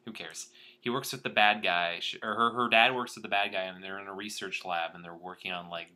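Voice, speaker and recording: Bright-voiced young man, sarcastic chat. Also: low-pitched, steady tone, a little fast. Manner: sarcastic, rambling with many fillers. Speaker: podcast co-host. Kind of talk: casual movie-review chat.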